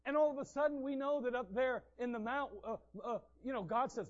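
A man preaching a sermon, telling the scriptural stories in an animated way and acting out the scenes. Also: very high-pitched, brisk, few pauses, dull audio.

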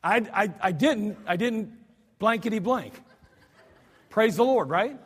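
A male pastor preaching a sermon, animated, acting out cries and mock cussing with frequent restarts. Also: sits high, a little slow, husky. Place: church sanctuary. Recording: archived service recording with long hall reverb.

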